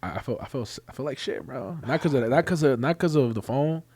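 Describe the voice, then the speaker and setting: A young man, co-hosting a casual podcast and telling stories in an animated way, with loud bursts when acting out scenes. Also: mid-range voice, fast, breathy edge, no room sound. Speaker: podcast co-host. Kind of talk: casual chat.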